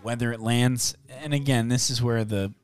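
A man hosting a sports betting podcast, chatting casually and briskly reeling off odds and numbers. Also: medium pitch, steady tone, a little mellow, clear, resonant tone, soft background music.

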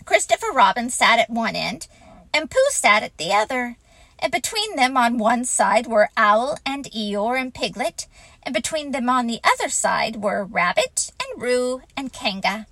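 A woman reads a children's story aloud, slow and gentle, with a lively, rising and falling melody. Her voice sits fairly high and sounds close and dry. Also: dry recording, poor audio.

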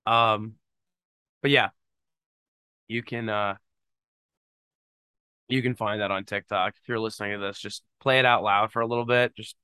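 A man's voice: on the low side, fairly even intonation, moderate pace, pauses often, sharp tone, clean tone, no room sound. A young man hosting his own podcast, rambling casually with jokes and lots of fillers. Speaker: podcast host. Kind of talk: casual solo podcast monologue.

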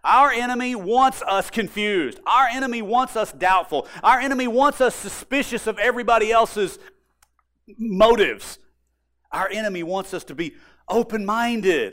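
A male pastor preaching a sermon, emphatic and expressive, building points by repetition. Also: high voice, normal speed.

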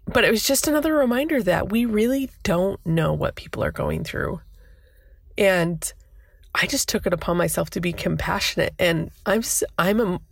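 Low gravelly lady podcaster, kinda shaken up, rambly, super dry mic. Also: normal speed, no room sound. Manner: emotional, flustered, rambling with restarts. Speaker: podcast host. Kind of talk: personal storytelling monologue.

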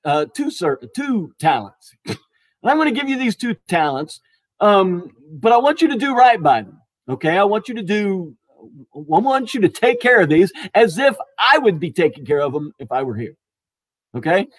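A man voicing a demanding wealthy master in a retold parable, emphatic and loud in praise and rebuke. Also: high-pitched, very animated, moderate pace. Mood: instructing. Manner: emphatic, praising loudly then scolding.

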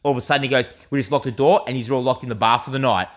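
A young Australian man telling a story on a podcast in relaxed, casual chat. He rambles, leaning on fillers and swearing freely as he goes. His voice sits at an ordinary middle pitch for a man. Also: racing. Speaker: podcast co-host.

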